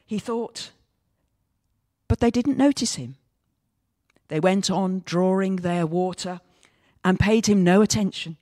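A woman pastor giving a measured, reflective sermon that weaves in a story. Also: fairly low pitch, animated, a little mellow, no echo, studio quality.

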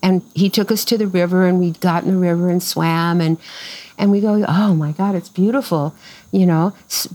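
In an outdoor farm interview, an older woman with a lowish voice tells a long story fairly quickly, over poor audio. She speaks casually and with energy, rambling and restarting, and acts out what people said.

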